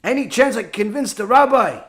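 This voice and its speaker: A man's voice: very high-pitched, expressive, fairly quick, fairly bright tone. A man voicing a pleading ranch owner. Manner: anxious, pleading. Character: pleading male horse-ranch owner, a disciple.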